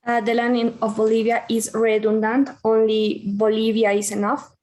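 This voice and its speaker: A woman's voice: a little high, little pitch movement, moderate pace, darkish tone. A woman student on a video call, answering her teacher hesitantly and reading words out carefully. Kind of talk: classroom answers.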